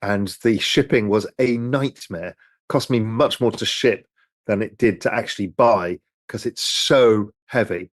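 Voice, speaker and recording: A man's voice: medium pitch, no room sound. A man hosting a casual live-stream chat over drinks, reading out viewer questions in a rambling, candid way that includes swearing.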